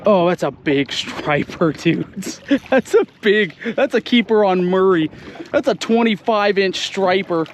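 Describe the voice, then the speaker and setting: Guy hollering and laughing on a fishing boat, high voice that jumps all over, slow drawl, lots of noise around. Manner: excitable, laughs a lot, talks to viewers. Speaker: fishing vlogger. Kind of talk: excited fishing vlog commentary. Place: outdoors on a boat on a lake. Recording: noisy outdoor boat recording.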